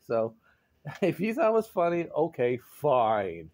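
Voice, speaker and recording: A man in his forties chatting casually to his viewers from home, rambling and laughing often, jumping into high excited exclamations. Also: slow. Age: 40s. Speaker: vlogger. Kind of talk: casual chat to camera. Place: home garage.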